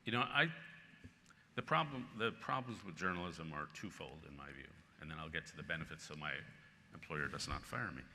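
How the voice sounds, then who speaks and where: A man's voice: rumbling low, a little fast. A man in his sixties answering audience questions at a conference, telling stories with bursts of laughter. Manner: lively anecdotal storytelling with bursts of laughter. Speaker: featured speaker, columnist. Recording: long reverb in a large hall with faint noise.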